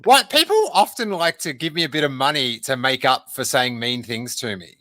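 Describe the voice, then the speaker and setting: A man's voice: medium pitch, lively intonation, normal speed, sharp tone, dry recording, clean studio sound. A man hosting a livestream podcast in a casual, playful, rambling chat. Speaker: podcast host.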